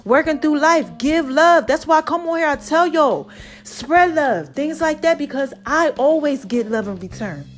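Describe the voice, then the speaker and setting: Woman, podcast host, high voice, preachy and affectionate, soft sultry murmurs, faint music behind. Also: expressive, moderate pace.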